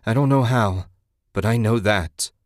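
A man's voice: on the low side, unhurried, no room sound, studio quality, natural voice. A man voicing a desperate husband who hollers and pants as he fights. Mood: urgent. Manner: hollering, panting.

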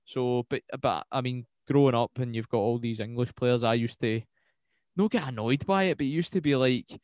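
A man's voice: mid-range voice, moderate pace, no room sound. Scottish man, rambling football chat. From Scotland. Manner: swears freely, rambling and animated. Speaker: podcast co-host.

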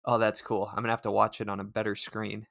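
Lower-voiced man in casual film chat. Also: completely flat delivery, quick pace, creaky, a bit bright, no room sound, studio quality. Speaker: podcast co-host.

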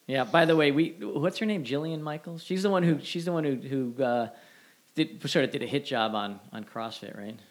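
A man co-hosting a casual podcast, reading out questions in a relaxed, joking way and laughing along. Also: mid-range voice, moderate pace. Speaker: co-host.

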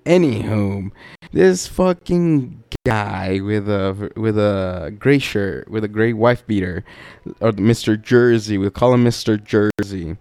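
A man's voice: lowish voice, slow pace, a little mellow, no room sound. A man hosting a podcast, telling a story in a casual, profane, laid-back way with laughing asides. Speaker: podcast host.

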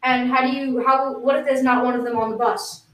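A woman's voice: high voice, steady tone, fairly quick, fairly bright tone. A woman co-hosting an improvised comedy podcast, quizzing her partner with teasing questions. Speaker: podcast co-host. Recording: roomy, distant mic.

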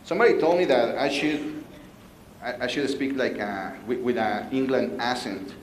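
A man's voice: mid-range voice, normal speed, roomy sound, slight background noise, poor audio. A man preaching a sermon, playful and joking with his congregation. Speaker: pastor. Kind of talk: sermon with jokes.

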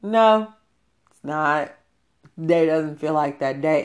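A woman with a notably low voice speaks in a blunt, candid way. She talks casually and swears freely, as if chatting with a friend. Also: steady tone, measured pace. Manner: blunt, profane, conversational.

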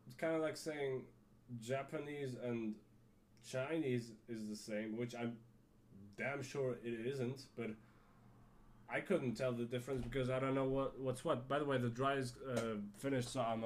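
Rambling podcast host. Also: male voice, medium pitch, unhurried, a little hiss or hum. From Germany. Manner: rambling, self-correcting, laughs to himself. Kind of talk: casual solo podcast chat.

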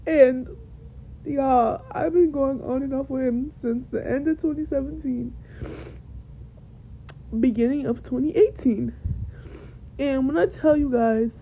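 A woman's voice: high-pitched, unhurried, long pauses, a little hiss or hum. A young woman hosting a podcast, telling her own story to listeners while tearful and repeating herself for emphasis. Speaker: podcast host. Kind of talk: emotional personal storytelling. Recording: dull lo-fi recording.

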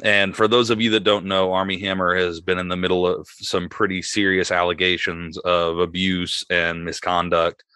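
A man's voice: sits low, little pitch movement, moderate pace, few pauses, sharp tone, clear, resonant tone, no room sound, clean studio sound. A man hosting a casual podcast chat, leading the talk and moving the show from topic to topic. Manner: leads the talk, steers to next topic. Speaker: podcast host.

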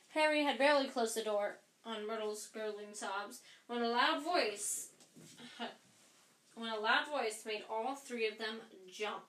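A woman reading a children's novel aloud in a relaxed way, correcting herself now and then. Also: on the high side, slow pace. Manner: relaxed read with self-corrections. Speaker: reader. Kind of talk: audiobook narration. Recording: echoey room.

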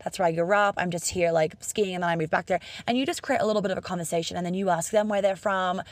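A woman's voice: fairly low pitch, quick pace, no echo. A young Australian woman with an Australian accent, talking casually to camera in a chatty, upbeat, profane way and acting out bits of dialogue.

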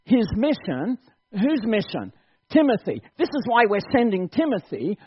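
A man's voice: sits high, wildly swooping pitch, moderate pace, husky, muffled recording. A man preaching a sermon at a church service, exhorting his congregation and laughing often as he talks.

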